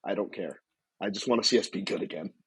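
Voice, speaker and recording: A man co-hosting a casual sports podcast, laid-back and quick to agree with his co-host. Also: low-pitched, breathy edge, rough recording.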